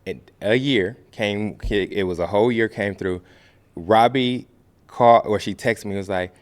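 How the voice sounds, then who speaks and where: Midwest guy with a lowish voice, guest on a podcast, telling a story and doing everybody's voices. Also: normal speed. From American Midwest. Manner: animated, acts out quoted voices. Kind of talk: casual storytelling.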